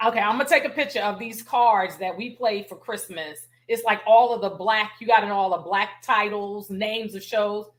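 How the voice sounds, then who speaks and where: A woman hosting an interview show, chatting casually and eagerly, with slangy phrasing and lively storytelling. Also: mid-range voice, moderate pace, few pauses. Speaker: host. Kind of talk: casual chat.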